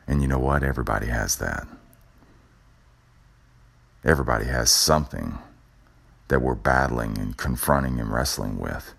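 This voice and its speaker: A man's voice: very deep voice, creaky, a bit bright. A man hosting a show and giving a motivational talk, repeating himself with an emphatic, preacher-like cadence. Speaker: podcast host.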